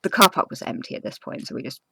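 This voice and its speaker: A young woman who makes crafting vlogs tells a personal story in casual chat. She's earnest and halting, with many fillers and restarts, and there's background noise.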